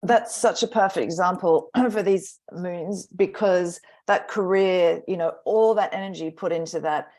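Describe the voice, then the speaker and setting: A woman astrologer speaking as a podcast guest, talking in a slow, reflective way with trailing pauses. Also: lowish voice, a little mellow. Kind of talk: casual podcast chat.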